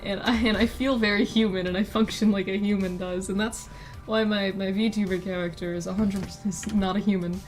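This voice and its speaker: A woman's voice: medium pitch, fairly even intonation, brisk, soft background music. A woman streaming as a VTuber, chatting casually in a rambling way that keeps interrupting itself with giggly asides. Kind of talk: casual live-stream chat while drawing.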